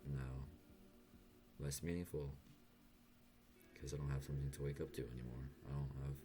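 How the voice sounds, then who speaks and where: A young man talking softly and hesitantly in a late-night confessional vlog, stuttering and pausing as he goes. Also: very deep voice, flat delivery, over music. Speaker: vlogger.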